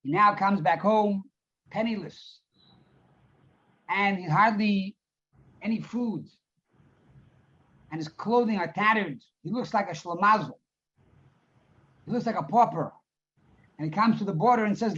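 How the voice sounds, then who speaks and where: A man's voice: high-pitched, measured pace, pauses often, a bit bright. A man teaching a Hasidic discourse, reading Hebrew lines and then explaining them in a storytelling way. He repeats words to stress them. The audio is dull and lo-fi. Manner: reads Hebrew phrases, then translates and elaborates. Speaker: rabbi teacher. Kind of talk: Torah class on a Hasidic discourse. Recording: dull lo-fi recording.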